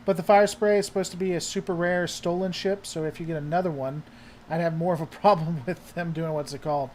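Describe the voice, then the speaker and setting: A man's voice: fairly high pitch, fairly even intonation, brisk, a little mellow, a little hiss or hum. A man hosting a casual livestream chat, rambling and heavily sarcastic as he answers viewers. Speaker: host.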